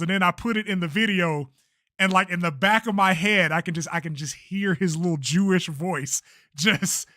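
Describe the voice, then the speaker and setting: A man's voice: high voice, normal speed, sharp tone, dry recording, clean studio sound. A young man chatting casually on a livestream about his own video, laid-back and swearing freely. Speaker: streamer and creator.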